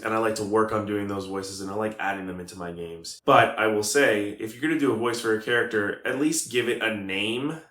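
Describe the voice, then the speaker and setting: A man's voice: mid-range voice, fairly bright tone. A man hosting a casual advice vlog on running tabletop games, joking and talking straight to his viewers. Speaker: tabletop game master and video host. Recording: echoey room with faint music.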